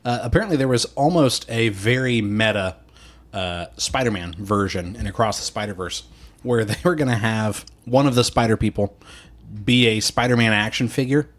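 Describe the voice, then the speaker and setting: Male podcast co-host, lower voice, relaxed chatter with frequent laughs. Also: moderate pace. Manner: laughs often, acts out quotes in put-on voices. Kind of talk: casual chat.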